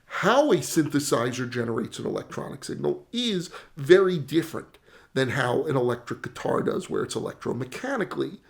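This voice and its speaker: Animated gravelly man explaining sound. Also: mid-range voice, brisk. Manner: animated, demonstrates with sound effects, self-mocking dad jokes. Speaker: tech educator. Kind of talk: explainer lesson.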